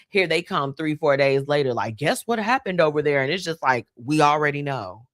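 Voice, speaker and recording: A woman's voice: a bass voice, no room sound, clean studio sound. A woman hosting a live stream, talking casually and animatedly to viewers, laughing often. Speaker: host.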